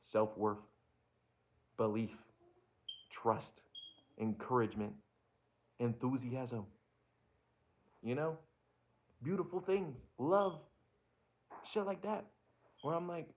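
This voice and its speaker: A man's voice: medium pitch, fairly even intonation, takes it slowly, pauses often, a little mellow. A man in a casual reflective monologue, talking candidly and profanely and rambling as he works through his own thoughts. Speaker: vlogger. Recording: dull lo-fi sound.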